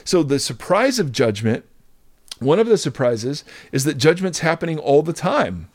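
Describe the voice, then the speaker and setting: A middle-aged man and pastor talking through faith in an earnest, animated conversational way, often restarting his sentences. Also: on the high side, normal speed, dry recording.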